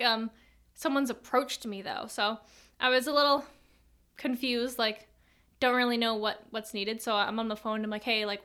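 Chatty young woman with a bright voice. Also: a little high. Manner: chatty, rambling, full of "like" and tangents. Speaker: storyteller. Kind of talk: casual storytime vlog.

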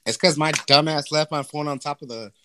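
A man's voice: on the high side, a little fast, bright, forceful tone, a little hiss or hum. A man co-hosting a casual podcast, telling stories loosely with lots of swearing and laughter. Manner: profane, laughing storyteller. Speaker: podcast co-host.

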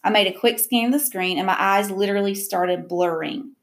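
Woman reading a novel aloud, gravelly. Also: medium pitch, brisk. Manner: casual, with small slips and rereads. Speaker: reader.

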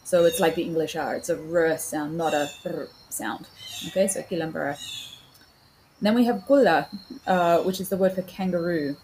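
A woman's voice: on the low side, moderate pace, a little mellow, slight background noise, rough recording. A woman hosting a podcast, explaining word stress and pronunciation in a casual spoken lesson, with frequent fillers and self-corrections. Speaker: podcast host teaching pronunciation.

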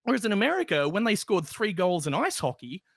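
An Australian woman co-hosting a podcast, sarcastic and animated, laughing often. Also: mid-range voice, brisk, creaky, no echo, clean studio sound. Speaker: podcast co-host. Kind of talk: casual podcast banter.

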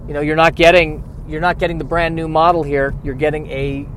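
A man's voice: fairly high pitch, level tone, fairly quick, hardly any pauses, slight background noise. Wry self-mocking man talking in a car. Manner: wry, self-deprecating, swings into loud exasperated rants. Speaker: podcast host. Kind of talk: solo comedic monologue. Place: in a car while driving and parking.

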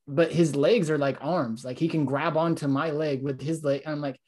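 A man co-hosting a podcast, telling animated stories in casual chat and acting out what people said. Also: fairly high pitch, moderate pace. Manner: animated storytelling, lots of "like", acts out quotes. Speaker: podcast co-host.

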